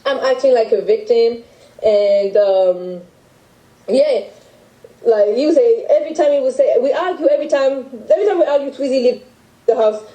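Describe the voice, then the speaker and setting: A young French woman with a French accent, recounting a personal story in halting speech full of restarts. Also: on the high side, warm tone, roomy sound, low-quality recording. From France. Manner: halting, with many restarts and fillers. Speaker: guest telling her story. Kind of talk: emotional personal account.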